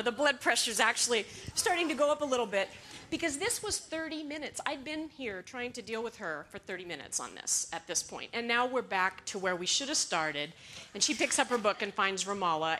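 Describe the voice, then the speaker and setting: A woman giving a talk to an audience, telling stories in an animated way, laughing now and then and acting out the lines she quotes. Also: fairly high pitch, brisk, a little hiss or hum.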